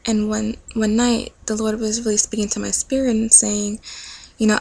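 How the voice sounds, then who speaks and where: Young woman, casual testimony vlog, earnest and chatty, gravelly voice. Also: mid-range voice, flat delivery, normal speed, mellow, a little hiss or hum, rough recording. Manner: earnest, chatty, many fillers and "like". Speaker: vlogger.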